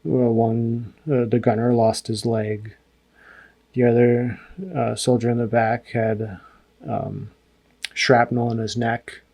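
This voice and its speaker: Gravelly, halting American man recounting. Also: mid-range voice, a little mellow. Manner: halting, restarts often, sober and heavy. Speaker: podcast guest, former army intelligence analyst. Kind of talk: reflective interview recollection.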